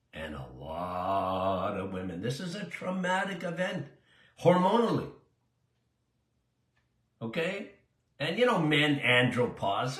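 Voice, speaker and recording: In a reverberant space, an older doctor with a fairly high, fairly bright voice delivers a casual monologue answering listener questions call-in style. He's chatty and emphatic, often wandering off on tangents.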